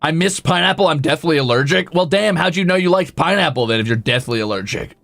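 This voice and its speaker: A man's voice: a little high, lively intonation, quick pace, creaky, fairly bright tone, no room sound, faint music behind. A male streamer chatting casually with his viewers, rambling and poking fun at himself. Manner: rambling, self-deprecating, talks to chat. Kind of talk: casual livestream chat.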